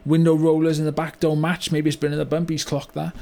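A rueful older British car yard owner, blunt and remorseful, is played by an actor in a mock-documentary comedy monologue, rambling through a story full of "you know" and "right?". The male voice is a little high, monotone, creaky and mellow, at a quick pace.

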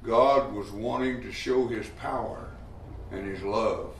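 A man's voice: lowish voice, slow. A man preaching a folksy, emphatic Bible study sermon, acting out the voices in his stories. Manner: folksy, emphatic, acts out quoted voices loudly. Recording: echoey room with faint ambient noise.

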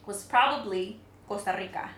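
A woman co-hosting a podcast in casual chat, animated and swearing freely as she tells travel stories. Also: medium pitch, normal speed, roomy sound, a little hiss or hum. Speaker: podcast co-host.

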